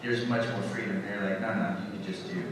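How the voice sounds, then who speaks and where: A man's voice: deep voice, steady tone, background noise. A man, a guest actor on a convention panel, answering fan questions with lots of fillers and restarts. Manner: halting, many fillers. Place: large convention hall. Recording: echoey hall from far off.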